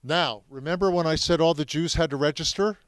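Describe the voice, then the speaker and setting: A man's voice: a little high, fairly quick, no echo. A man telling his family's story to students in a classroom, speaking emphatically and asking them questions. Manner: emphatic, addresses the audience with questions. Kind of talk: classroom talk.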